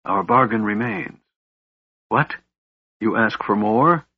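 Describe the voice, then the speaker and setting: A man reading the part of a frail young mage in a storybook, speaking quietly and sternly. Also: fairly low pitch, slow, slightly rough, dull audio. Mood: grave, hushed. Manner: quiet, stern, hushed delivery.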